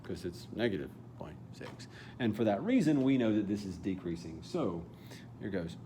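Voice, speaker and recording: A man with a fairly low voice walks students through a calculus exam question. He talks casually and thinks aloud, fixing his own small slips as he goes. A faint noise sits under the recording. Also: very animated, normal speed, dark tone. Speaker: math teacher. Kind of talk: calculus lesson walkthrough.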